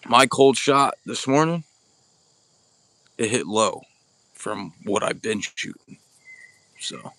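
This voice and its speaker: A man's voice: fairly low pitch, animated, slow pace, long pauses, fairly bright tone, no room sound. A man hosting a casual bowhunting livestream outdoors, chatting bluntly with viewers and greeting them by name, recorded on a camera mic without a separate microphone. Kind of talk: casual live-stream chat. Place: outdoors at an archery practice spot. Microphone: camera or phone mic without external microphone.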